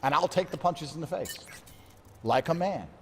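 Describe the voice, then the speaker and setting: A man's voice: on the high side, expressive, normal speed, fairly bright tone, in a large hall, soft background music. A man in his thirties, a fighter, talking in a brooding, self-pitying monologue laced with swearing. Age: 30s. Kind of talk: emotional monologue.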